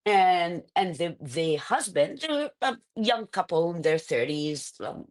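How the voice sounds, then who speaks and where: A middle-aged woman speaks with an Iraqi Arabic accent in a pitch sitting a touch low for a woman. She is animated and chatty, full of restarts and fillers. Quick laughs break up her sentences. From Iraq. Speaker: political candidate, guest. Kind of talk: conversational interview.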